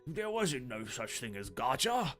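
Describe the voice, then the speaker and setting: A man putting on a complaining old crone's voice with a British accent, slow and drawn out. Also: medium pitch, big pitch swings, a bit bright. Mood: grumbling. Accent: British, put on.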